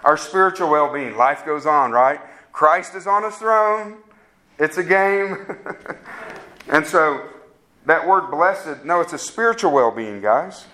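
A man's voice: a little high, lively intonation, takes it slowly, sharp tone. A man preaching a sermon, conversational and asking the congregation questions. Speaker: pastor.

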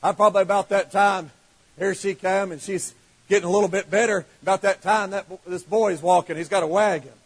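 A fervent male preacher with a strikingly high voice. He drops into quiet asides, then builds to ringing, shouted praise, in a revival-style sermon. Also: fairly even intonation, a little fast, slightly rough, low-quality recording. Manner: fervent, swinging from soft asides to shouted declarations.

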